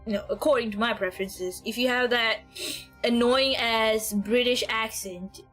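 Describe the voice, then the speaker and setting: A woman's voice: on the high side, moderate pace, a bit bright, faint music behind. A young woman streaming a game, with giggly, rambling commentary and frequent laughter. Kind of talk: casual gameplay commentary.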